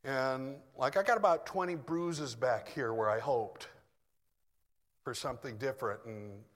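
Animated preacher man in a reverberant hall. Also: medium pitch, measured pace. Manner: conversational, animated, self-deprecating. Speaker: pastor. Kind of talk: sermon.

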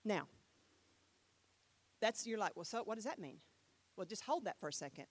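A woman's voice: mid-range voice, expressive, moderate pace, slightly rough. A woman preaching a sermon in a playful way, repeating phrases for emphasis. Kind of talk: sermon teaching.

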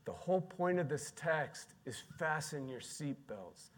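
A man's voice: a little high, animated, unhurried. Emphatic male pastor preaching a sermon. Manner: emphatic, repeats key words, swings from quiet to loud.

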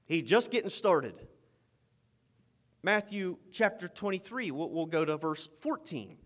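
A man preaching a sermon with fervor, swinging from loud, emphatic lines to quiet asides and repeating phrases for effect. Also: high-pitched, big pitch swings, a little slow.

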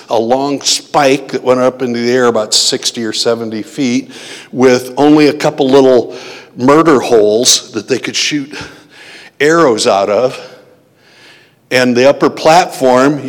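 A man preaching a sermon, reading hymns and scripture and asking the congregation questions. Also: medium pitch. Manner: teaching, asks the congregation questions. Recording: long hall reverb.

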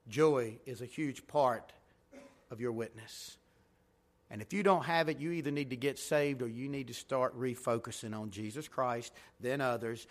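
A man's voice: medium pitch, fairly bright tone. A man preaching a revival sermon as pastor in a church sanctuary, emphatic, swelling and dropping in intensity.

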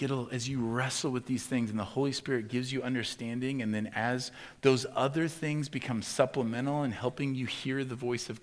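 A man preaching a sermon, acting out frustrated questions in a raised, animated voice and then turning quiet and earnest. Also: medium pitch. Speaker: pastor.

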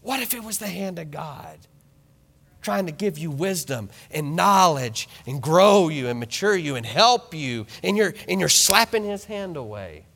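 A man in his thirties delivers a lively sermon, his fairly high, bright voice swooping up and down as he teases the congregation. The church hall around him rings with a long, lingering reverb. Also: a little slow, creaky. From small ranching town. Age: 30s. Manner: animated, joking asides to the congregation. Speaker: pastor. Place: church sanctuary.

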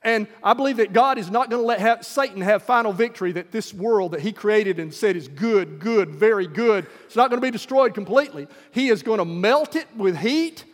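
Male preacher, high voice, emphatic sermon, echoey hall. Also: brisk, hardly any pauses.

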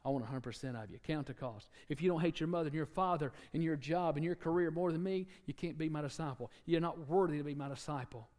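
A man preaching a sermon, animated, acting out quotes and joking with the congregation. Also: a little high, fast talker, few pauses, long reverb tail.

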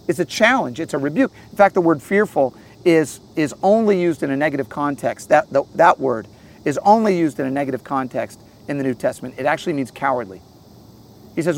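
A man's voice: on the high side, lively intonation, moderate pace, creaky. Earnest man preaching outdoors by a lake. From St. Louis area. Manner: earnest, storytelling, shifts between loud and soft. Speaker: pastor. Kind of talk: outdoor devotional sermon.

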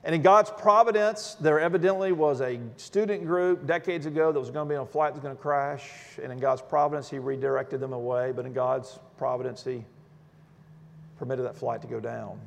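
A male preacher with a gravelly, creaky voice tells a story from the pulpit in an animated sermon, restarting his phrases as he goes. The sound carries a long reverb from a large church hall. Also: mid-range voice, a little fast. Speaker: Baptist minister. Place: church sanctuary.

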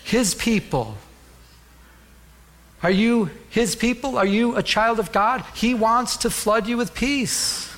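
A man's voice: very high-pitched, slow, fairly bright tone. A middle-aged man preaching a sermon as pastor, telling a personal story and rising to fervent calls to the congregation.

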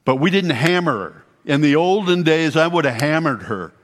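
A man's voice: fairly high pitch, lively intonation, normal speed. A man giving a folksy testimony talk at church, telling a story full of quoted dialogue. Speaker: church speaker. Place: church sanctuary. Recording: long church hall reverb.

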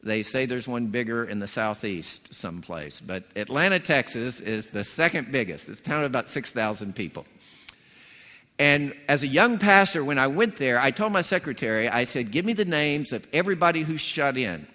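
A man's voice: mid-range voice, expressive, normal speed, pushed and bright. A man preaching a sermon as a pastor, telling stories and acting out voices with punchy emphasis. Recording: long hall reverb.

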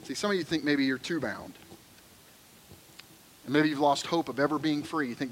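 A man's voice: on the high side, moderate pace, slight background noise, poor audio. A middle-aged man preaching a sermon as pastor, conversational and joking, then earnest.

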